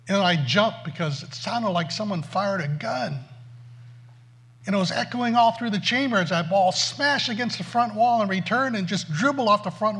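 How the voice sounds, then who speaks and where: Male preacher, self-mocking storyteller, slightly high, lively. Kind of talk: storytelling sermon.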